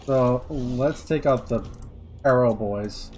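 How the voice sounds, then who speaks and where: A man's voice: medium pitch, slow, darkish tone, a little hiss or hum. Chatty man muttering through a strategy game. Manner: chatty, muttering, swears when annoyed. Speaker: streamer. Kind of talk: casual gameplay commentary.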